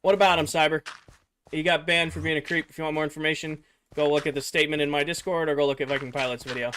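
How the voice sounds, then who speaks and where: A young man chats casually with viewers during a game stream, answering their messages in a rambling, filler-heavy way while his voice gets a little hoarse. He speaks fast and on the high side, with fairly even intonation, a somewhat bright tone, and slight background noise.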